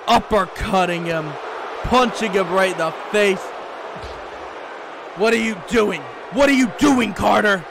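A man giving excitable play-by-play commentary over his own video game wrestling show, shouting, pleading and gasping at the action. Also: sits high, measured pace, creaky, long pauses. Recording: loud game crowd noise behind. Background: video game arena crowd.

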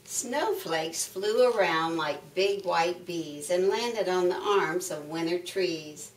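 A woman's voice: fairly low pitch, slow pace, slight background noise. An older woman reading a picture book aloud to young children, sing-song and full of exclamations. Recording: echoey room, mic far off.

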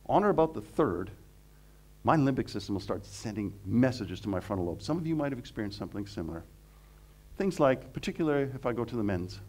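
A middle-aged man from Canada, a professor giving a humorous, animated seminar talk that mixes jokes into the teaching. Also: mid-range voice, quick pace. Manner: animated, joking, acts out quotes. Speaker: guest speaker, professor.

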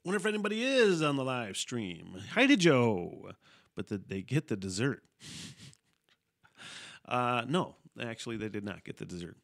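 A man's voice: medium pitch, big pitch swings, measured pace, creaky, pauses often. A man hosting a casual solo podcast, rambling and swearing freely, often laughing mid-sentence. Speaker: podcast host.

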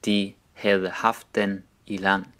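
A man with a low voice reads short example sentences at a slow, careful pace. Each sentence comes twice, clearly spaced out for learners. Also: flat delivery, a bit bright. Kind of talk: reading Danish example sentences.

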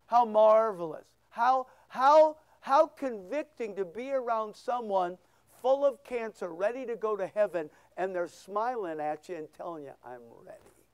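A man preaching a sermon as pastor, full of rhetorical questions, swinging between loud bursts and hushed asides. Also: sits high, expressive, measured pace, clear, resonant tone, no room sound. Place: church.

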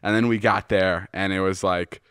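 Guy on a podcast, lowish voice, super dry close sound, rambly excited story w lots of swearing. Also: normal speed, clear, resonant tone, dry recording. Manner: excitable storytelling, heavy swearing, many fillers. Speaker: podcast host. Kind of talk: casual chat. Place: podcast studio.

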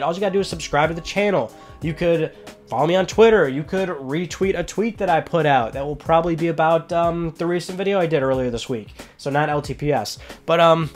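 A young man from Western New York with a Western New York accent, hosting a weekly gaming news show in a chatty, upbeat way with lively asides. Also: on the high side, quick pace, faint music behind. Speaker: host.

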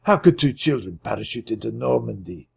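A gruff, bearded farmer with a raspy, growly voice , as a man reads him, heard in a storybook. He talks slowly and warily, with a rough huskiness. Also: fairly low pitch, expressive, darkish tone, full character voice. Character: gruff bearded French farmer, wary but kind.

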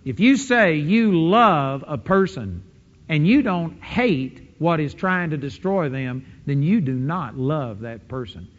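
A man preaching a sermon, emphatic, breaking into quick offhand asides. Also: on the high side. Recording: dull lo-fi sound with long hall reverb.

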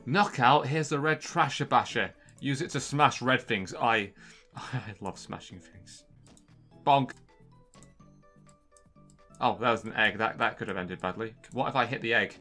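A young man giving jokey, excitable let's-play commentary and chatting to the characters on screen. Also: mid-range voice, measured pace, long pauses, soft background music. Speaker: gaming channel host.

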